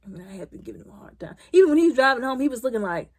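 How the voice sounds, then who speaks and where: A woman giving a casual, comedic movie review. She retells the plot in an animated, colloquial way and repeats words as she restarts. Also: fairly high pitch, racing, hardly any pauses, husky.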